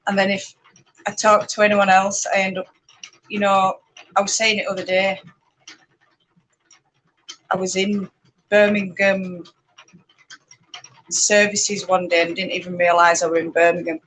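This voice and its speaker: A woman with a Yorkshire accent chatting casually and rambling on a live stream, talking loudly over her spinning wheel and laughing often. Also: mid-range voice, completely flat delivery, measured pace, pauses often, slight background noise, low-quality recording. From Yorkshire, England. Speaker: spinning channel host.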